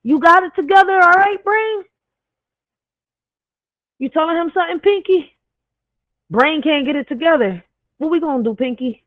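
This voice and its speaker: A man putting on a high squeaky voice that scolds his own brain with mock outrage. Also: normal speed, pauses often, dry recording. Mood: mock scolding. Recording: dry tinny phone-like sound.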